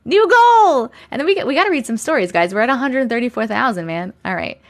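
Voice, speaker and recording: A chatty woman from Long Island hosts a relaxed live stream from home. Her voice sits high, and she keeps up a friendly back-and-forth with her viewers, laughing often and thanking them by name. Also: quick pace. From Long Island, USA. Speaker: live-stream host reading chat. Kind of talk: casual live-stream chat.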